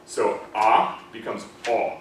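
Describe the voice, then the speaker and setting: A man's voice: on the low side, steady tone, takes it slowly. A man teaching a classroom diction lesson on British pronunciation for singers, conversational and demonstrating vowel sounds aloud, often checking that students follow. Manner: conversational, checks understanding with frequent "okay?" and "right?". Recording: echoey room, mic far off, faint noise.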